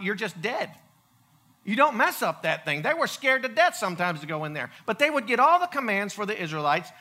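A male preacher giving a humorous storytelling sermon, animated and joking, often stumbling and restarting his sentences. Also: high-pitched.

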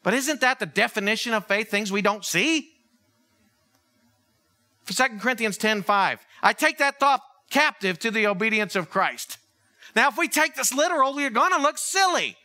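A man preaching a sermon as pastor, conversational and animated, acting out little dialogues. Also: extremely high pitch, brisk.

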